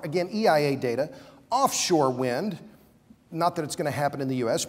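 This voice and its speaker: A man's voice: on the high side, a little mellow. Fired-up man debating in a reverberant hall. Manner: combative, emphatic, stammers when worked up. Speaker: debate panelist. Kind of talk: conference debate argument. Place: conference hall. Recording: long hall reverb from a conference stage.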